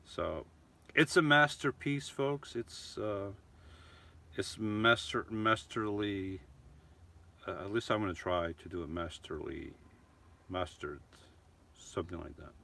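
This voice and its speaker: Chatty middle-aged man, bright tone. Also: low voice, slow, gravelly, pauses often. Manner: chatty, rambling, frequent restarts and self-corrections. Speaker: vlogger answering live chat. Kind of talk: casual live-stream chat.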